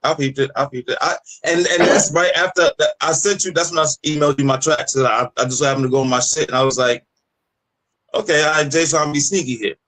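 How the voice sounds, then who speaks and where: A man co-hosting a music podcast in casual, profane, animated chat over a remote call. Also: a little high, fast, low-quality recording. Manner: animated, profane, laughs a lot. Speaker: podcast co-host.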